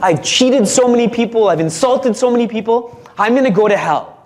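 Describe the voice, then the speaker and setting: A man's voice: very high-pitched, lively intonation, fairly quick, a little mellow, voice pushed up. A man voicing a distraught grown man who pleads anxiously to be saved from hell, in a raised voice. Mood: pleading.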